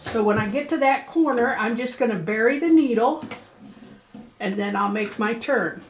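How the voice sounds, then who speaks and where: A woman's voice: fairly high pitch, moderate pace, noisy background. A woman presenting a casual sewing tutorial for her craft shop, talking in a chatty, folksy and encouraging way.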